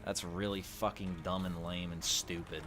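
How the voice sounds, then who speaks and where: A man's voice: low-pitched, flat delivery, moderate pace, music in the background. A man giving casual, crude and sardonic commentary while playing a game at a desk mic. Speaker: gaming channel host. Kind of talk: casual let's-play commentary.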